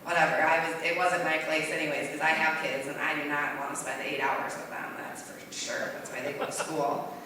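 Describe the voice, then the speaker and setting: A woman doing rambling, self-deprecating stand-up at an open mic night in a bar, with a voice she calls deep. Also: flat delivery, brisk, background noise. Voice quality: deep-sounding voice. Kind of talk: stand-up comedy. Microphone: stage mic in a bar. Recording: roomy hall, voice from far off.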